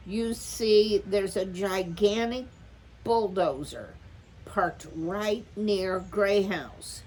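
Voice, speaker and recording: A woman's voice: medium pitch, slight background noise, pitched above the performer's own voice, rough recording. A woman doing Lily, a prim, formal mouse. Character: prim, formal young female mouse, grave and proper.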